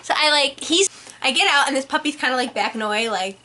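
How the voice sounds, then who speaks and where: A teenage girl telling an embarrassing story to friends in casual chat, giggly and animated, with lots of "like". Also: high voice, fast talker, slight background noise. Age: teens.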